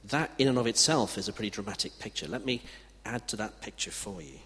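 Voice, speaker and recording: A man preaching a sermon with emphatic delivery. He swings from loud declarations to hushed passages. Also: on the low side, quick pace. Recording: reverberant hall with faint background noise.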